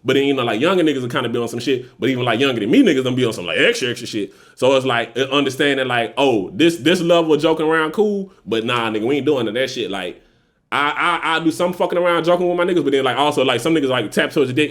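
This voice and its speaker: Fast-talking, slangy young man. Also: medium pitch, lively intonation, fairly bright tone. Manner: loose, profane slang-heavy talk, acts out quoted voices. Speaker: podcast co-host. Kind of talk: casual podcast chat.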